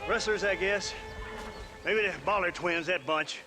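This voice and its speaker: A man's voice: sits high, unhurried, over music. An actor playing a curt, commanding old ranch father in a western game. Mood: grim. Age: older.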